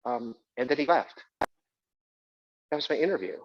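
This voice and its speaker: A man tells his own story in a chatty, self-mocking solo stage monologue. His voice sits mid-pitch for a man. The live theater recording sounds dull and muffled. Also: expressive, moderate pace. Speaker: solo performer.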